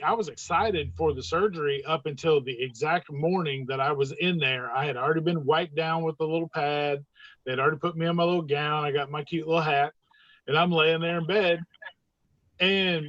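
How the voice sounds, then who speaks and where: A podcast guest telling a personal story in a casual, animated way, acting out the dialogue. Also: medium pitch, no echo. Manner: animated, acts out quoted dialogue in raised voices. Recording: dull, dry lo-fi sound.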